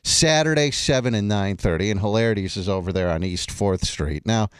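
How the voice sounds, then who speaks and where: A man hosting a radio show, asking questions in a casual, halting way with many restarts. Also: lowish voice, clean tone, no room sound, studio quality. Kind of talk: casual interview chat. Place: radio studio.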